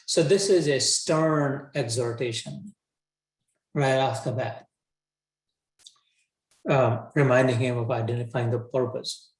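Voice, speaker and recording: Male teacher, mid pitch, chatty lecture style with restarts, echoey room. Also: steady tone, slow pace, pauses often. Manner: casual, colloquial, frequent restarts. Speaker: scripture teacher. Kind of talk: conversational scripture lecture. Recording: roomy echo.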